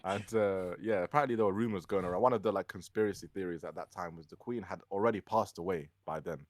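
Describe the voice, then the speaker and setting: A man's voice: sits low, fast talker, dry recording. A young man from the UK co-hosting a casual podcast chat, talking hesitantly with many fillers and laughing as he tells a story. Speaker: podcast co-host.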